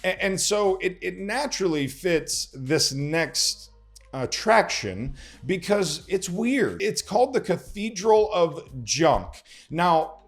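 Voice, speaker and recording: A man's voice: high-pitched, big pitch swings, slow pace, faint music behind. Folksy man hosting a vlog. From Texas. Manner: folksy, chatty, repeats words when stumbling. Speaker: host, local lender. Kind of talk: casual vlog talk to camera.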